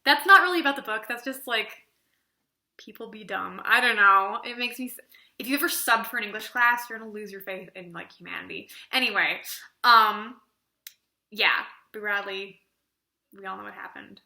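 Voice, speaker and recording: Bright, chatty young woman. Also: medium pitch, normal speed, gravelly, reverberant. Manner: animated, chatty, acts out quoted exchanges. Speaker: book review vlogger. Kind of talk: casual opinionated chat.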